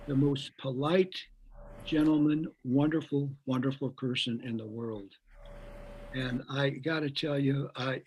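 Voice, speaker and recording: A man's voice: a little high, slightly rough, low-quality recording. An older man, a guest musician, telling a long story in a rambling way. He repeats words as he goes and acts out the voices of the people he quotes. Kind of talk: anecdotal storytelling.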